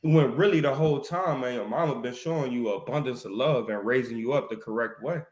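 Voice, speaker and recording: A man's voice: mid-range voice, fairly quick, echoey room. A man talking casually about faith in a preachy way, ending his lines with "right?" and "man.". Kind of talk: casual religious discussion.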